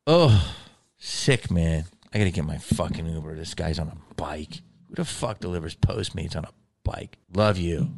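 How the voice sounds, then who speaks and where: Deep-voiced man on a profane rant. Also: normal speed, gravelly, no room sound. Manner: profane, agitated, ranting, drops low and quiet when bitter. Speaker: actor venting to camera.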